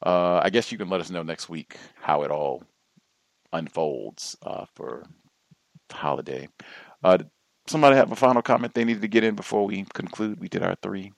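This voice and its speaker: A man with a low, deep voice hosts a call-in radio show. He talks at a measured pace, filling gaps with pauses and drawn-out "uh"s. The sound is dry and close, with no room around it. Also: vocal fry, no echo. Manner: measured, trailing off with frequent "uh"s. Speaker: host.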